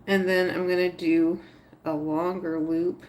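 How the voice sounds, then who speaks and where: A woman's voice: fairly low pitch, flat delivery, measured pace, darkish tone. A woman livestreaming a crochet tutorial, thinking aloud step by step, chatting with viewers and talking to her stitches. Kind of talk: casual live tutorial narration.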